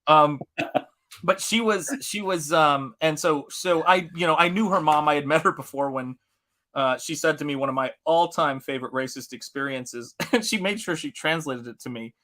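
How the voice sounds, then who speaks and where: A man from Tennessee chats through a story on his live art stream. His voice sits a little high and comes across bright and forceful. He laughs often and swears freely as he talks. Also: normal speed. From Tennessee, USA. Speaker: artist hosting a live stream. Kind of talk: casual storytelling chat.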